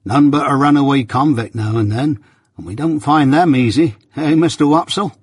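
A man doing a slow rustic blacksmith. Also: mid-range voice, breathy edge, dry recording, clean studio sound, pitched above the performer's own voice, lightly acted. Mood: plain. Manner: slow, meditative, rustic grammar. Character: kindly simple village blacksmith, slow and plain.

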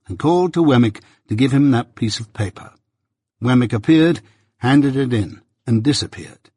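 A man with a husky voice narrating a novel in a measured first-person storytelling manner. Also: medium pitch, darkish tone, no room sound, clean studio sound. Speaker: audiobook narrator. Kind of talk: scripted narration.

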